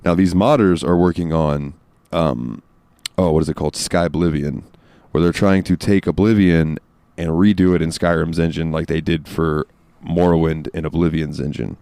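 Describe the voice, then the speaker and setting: Deep-voiced male host, relaxed rambling chat, dry close sound. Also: moderate pace, no room sound. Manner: relaxed, rambling with fillers and swearing. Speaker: podcast host. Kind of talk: casual chat.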